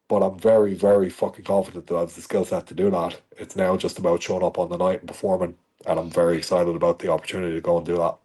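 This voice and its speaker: A man's voice: low-pitched, level tone, fast talker, warm tone, breathy edge. An Irish man in his thirties, a fighter guest in a podcast interview, talking bluntly with heavy swearing and emphatic, fired-up delivery.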